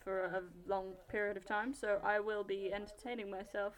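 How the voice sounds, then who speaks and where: A woman's voice: mid-range voice, little pitch movement, moderate pace. A teenage girl with an English accent co-hosting a podcast over a video call, blunt and teasing, swearing freely. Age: teens. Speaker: podcast co-host. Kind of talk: casual chat.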